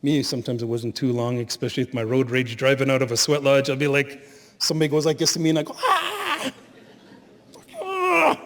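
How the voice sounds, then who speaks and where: A middle-aged man giving an animated storytelling talk as a spiritual leader at a conference, laughing at his own stories. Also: mid-range voice, fast. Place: conference hall. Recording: long hall reverb.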